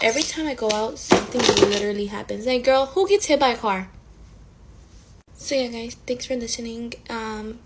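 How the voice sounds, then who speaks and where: A woman in her twenties telling a storytime in a casual, animated way, swearing often and full of fillers. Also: a little high, heavy background noise. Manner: profane, animated, frequent fillers.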